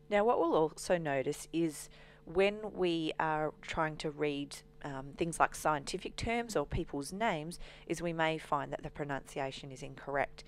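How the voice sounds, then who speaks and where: A woman walking through a software demonstration as a trainer, explaining steadily with frequent ums. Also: sits low, a little hiss or hum.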